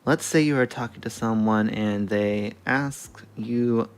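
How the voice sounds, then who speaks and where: Male streamer, low gravelly voice, unhurried thinking-aloud delivery with casual swearing. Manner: muttering, self-correcting, swears casually.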